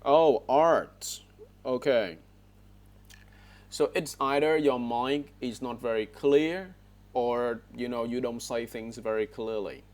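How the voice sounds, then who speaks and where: A man's voice: mid-range voice, slow, a little mellow. A man teaching an online English speaking class over a headset, correcting words and checking in with frequent "all right?" prompts. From Vietnam.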